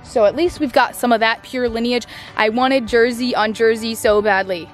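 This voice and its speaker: A chatty young woman talks to camera outdoors on her farm. Her voice sits notably high, and she rambles with plenty of "like" and "I don't know", turning now and then to address her animals. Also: fairly even intonation, normal speed, soft background music. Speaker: farm vlogger. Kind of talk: casual vlog chat to camera.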